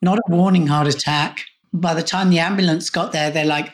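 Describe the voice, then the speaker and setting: A man's voice: a little high, steady tone, a little fast. A man, a podcast guest and coach, recounting a personal story in a candid, conversational way. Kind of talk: casual storytelling.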